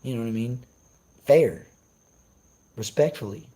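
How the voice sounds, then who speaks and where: A man's voice: fairly low pitch, fairly even intonation, unhurried, dark tone, poor audio. A young man on a casual live stream, ranting brashly and cursing as he answers his chat. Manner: profane, brash, trash-talking.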